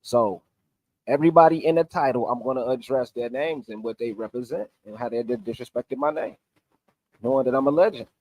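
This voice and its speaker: A man's voice: mid-range voice, fairly quick, mellow, no room sound. A man recapping an online debate on a livestream, emphatic and argumentative while he walks through sources on screen.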